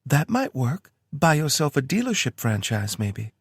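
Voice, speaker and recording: A man's voice: medium pitch, very animated, unhurried, creaky, slightly rough, no room sound, studio quality, voice pushed up, heavily acted. A man voicing a playful, teasing young woman with a Kentucky accent in an audiobook. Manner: teasing, mock-serious. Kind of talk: audiobook character voice.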